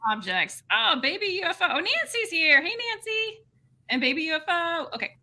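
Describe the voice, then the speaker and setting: A woman co-hosts a casual livestream, bubbly and quick to laugh as she greets viewers one by one. Her voice is strikingly bright and sharp, and her pitch swings up and down with lively energy. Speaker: livestream co-host.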